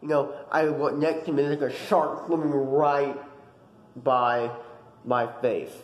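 A young man vlogging, telling a dream story in a casual, animated way with lots of fillers. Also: mid-range voice, slow pace, reverberant, poor audio. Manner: animated, dramatic retelling with many fillers.

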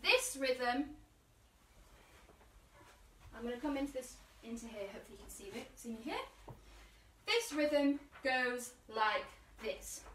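A woman's voice: sits high, lively intonation, measured pace, long pauses. Woman teaching percussion, chanting word rhythms, counting in, echoey room, voice picked up from across the room. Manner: chants food words in rhythm, counts in, loud call-and-response. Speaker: percussion workshop leader. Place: room at home, live video session. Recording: roomy, distant live-stream audio.

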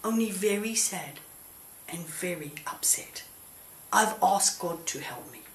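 A woman voicing a grieving young woman who begs in prayer for a child, in a high, tearful, pleading voice. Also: animated, slow pace, a little hiss or hum. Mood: earnest. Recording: roomy echo.

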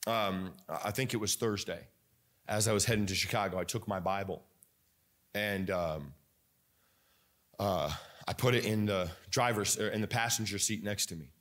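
Preaching man, halting with fillers. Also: lowish voice, a bit bright. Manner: preachy, with many fillers and restarts. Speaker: pastor. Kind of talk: sermon. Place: church sanctuary.

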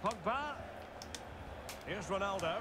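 Male play-by-play football commentator, formal and measured, high-ish voice over loud game noise. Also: expressive.

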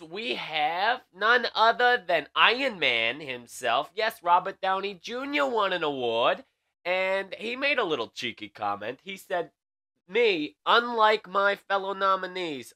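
A man's voice: sits high, sharp tone. A young man hosting a comedic late-night celebrity news monologue, sassy and campy, tagging his jokes with "okay?".

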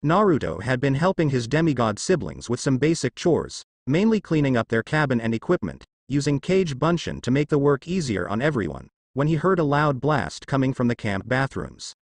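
A man reads a fan story aloud with an animated, expressive pitch. His voice sits mid-range and close, with no room sound around it. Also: normal speed, hardly any pauses, dry recording. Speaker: fanfiction reader. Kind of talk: scripted story narration.

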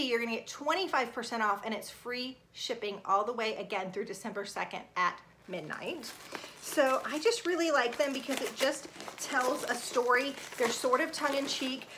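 Bubbly woman vlogger with a bright voice. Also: on the high side, a little fast. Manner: chatty and enthusiastic, often hushed. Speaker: lifestyle vlogger. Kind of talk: casual product review vlog. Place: at home.

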